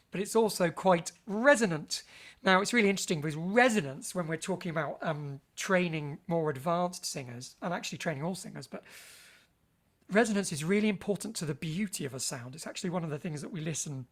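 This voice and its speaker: A man's voice: sits high, fairly bright tone. A man leading a vocal health workshop for teachers, chatty and playful with theatrical asides.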